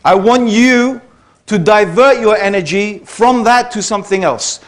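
A man's voice: high voice, measured pace. A British man giving a conversational public lecture to an audience, often checking in with the listeners. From Britain. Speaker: speaker giving a talk to an audience.

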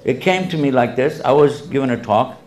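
A man gives a public religious talk, answering questions from the audience through lively stories. He tells them with humor and acts out the voices of the people in them, in a mid-range voice. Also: mid-range voice, a little fast. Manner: animated storyteller who acts out quoted voices with humor.

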